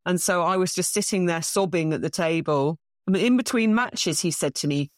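A middle-aged English woman, a bridge champion being interviewed, telling self-deprecating stories in a casual, animated way. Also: lowish voice, brisk, few pauses, no echo, clean studio sound. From England.

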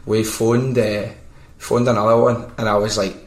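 A man with a Glaswegian accent who hosts a podcast, telling stories in casual, animated chat and swearing freely. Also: lowish voice, normal speed. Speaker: podcast host. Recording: roomy echo.

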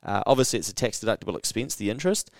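A man hosting a podcast, telling a story in casual chat, animated and swearing freely. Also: on the low side, rapid-fire, vocal fry, no echo, clean studio sound. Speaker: podcast host.

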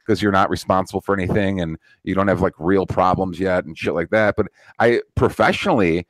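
A man's voice: deep voice, fairly quick, dry recording. A man in his thirties hosting a podcast, talking in a profane, rambling way with many restarts. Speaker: podcast host. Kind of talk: casual political chat.

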